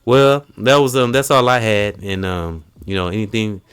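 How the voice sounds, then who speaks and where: A man hosting a casual podcast, telling stories in an animated way and acting out quotes. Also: lowish voice, moderate pace, clean tone. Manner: animated storytelling, acts out quotes. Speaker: podcast host.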